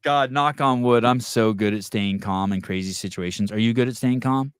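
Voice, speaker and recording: A man's voice: mid-range voice, moderate pace, clear, resonant tone, dry recording. A man hosting a podcast, ranting in casual talk and swearing constantly. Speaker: podcast host. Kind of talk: profane casual podcast rant.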